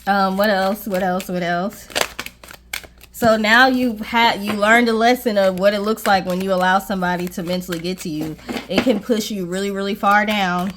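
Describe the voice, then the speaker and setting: A woman's voice: mid-range voice, steady tone, normal speed, background noise. A woman giving a casual tarot reading to viewers, reassuring and checking in with "okay?" often. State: briefly out of breath. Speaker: tarot reader.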